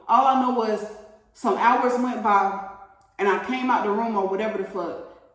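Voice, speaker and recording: A woman telling a story straight to her viewers in a casual, profane and animated way. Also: on the high side, far from the mic. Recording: roomy echo, mic set back.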